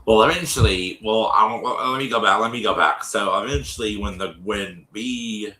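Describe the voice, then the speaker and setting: A man's voice: lowish voice, normal speed, sharp tone. A man hosting a livestream, casually retelling television history in a rambling way that keeps looping back and repeating itself. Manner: rambling, loops back and repeats himself while storytelling. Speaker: livestream host. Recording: echoey room, distant from the mic.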